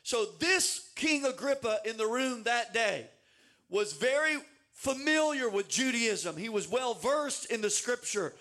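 A man preaching a sermon in a very high, bright voice. He is animated and emphatic, with big dramatic swings, and he doubles words as he builds momentum. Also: unhurried.

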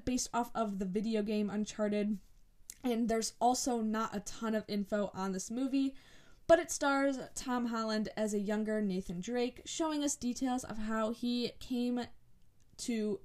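A young woman hosting a solo podcast episode in casual chat, talking in a rambling, excited way full of "like" and "um". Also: on the high side. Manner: chatty and rambling, lots of "like" and "um", excited. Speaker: podcast host.

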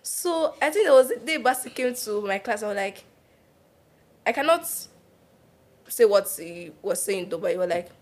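A young Nigerian woman with a Nigerian accent telling animated stories in a casual podcast chat, laughing and slipping into pidgin. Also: mid-range voice, normal speed, long pauses. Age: young adult. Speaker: podcast co-host.

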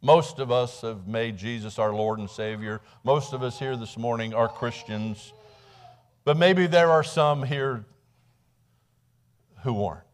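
Midwestern male preacher, mid-pitched, chatty storytelling sermon delivery in a church. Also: measured pace, pauses often. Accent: Midwestern American. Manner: conversational storytelling, dramatic acted quotes; repeats words when restarting. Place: church sanctuary.

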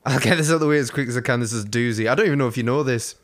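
A man chatting on a podcast, wandering through a long story with plenty of swearing. His voice sits at a middling pitch for a man. He talks loosely, with restarts and fillers. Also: racing. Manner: rambling storyteller, swears freely. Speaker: podcast co-host. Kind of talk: casual chat.

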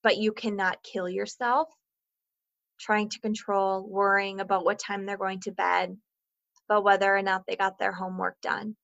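A woman's voice: mid-range voice, little pitch movement, normal speed, gravelly, a bit bright, no room sound, lo-fi sound. A woman in her thirties speaking candidly to listeners about co-parenting, earnest and full of "like" fillers, swearing freely. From Minnesota, US.

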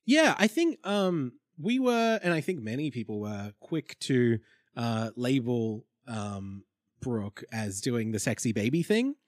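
A young man co-hosts a casual recap chat, wry and thinking aloud as he goes. His pitch moves a lot as he talks. The recording is dry and close. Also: sing-song, a little slow, no room sound. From Australia. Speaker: podcast co-host.

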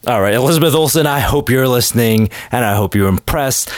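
A man's voice: medium pitch, animated, brisk, few pauses, no echo. A man hosting a comedy podcast, rambling through jokes in a self-mocking way. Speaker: podcast host.

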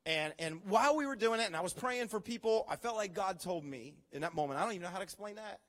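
A man preaching a sermon as pastor, telling stories with animated, acted-out reactions. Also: sits high, quick pace, in a large hall. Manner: animated storytelling, acts out his own reactions.

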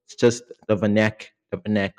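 A young man co-hosting a podcast, an excitable storyteller who laughs often in casual banter. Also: fairly low pitch, normal speed. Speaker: podcast co-host.

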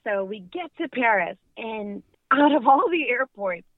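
A woman's voice: on the high side, a little slow, dry recording. Laughing woman on a tinny phone line. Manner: laughing, animated storytelling. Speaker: phone caller, friend of the guest. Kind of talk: telling an anecdote by phone.

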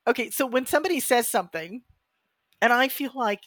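Animated woman in her fifties, dry sound. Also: on the high side, fairly quick, no room sound. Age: 50s. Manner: animated, acts out quoted thoughts. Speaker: podcast co-host. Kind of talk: casual podcast conversation.

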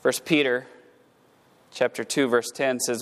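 A male pastor preaching in a church, his voice at an ordinary middle pitch. He reads old scripture wording aloud and then breaks it down, stumbling over repeated words as his fervor builds. The room has a long, echoing reverb. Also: normal speed. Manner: repeats words while rising to fervent emphasis. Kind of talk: sermon. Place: church sanctuary. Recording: echoey hall.

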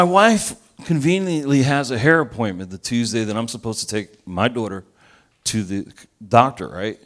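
A man's voice: mid-range voice, moderate pace. A man in his forties from Argentina, a pastor preaching a sermon with funny stories and jokes with the audience. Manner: animated storyteller, jokes with the audience.

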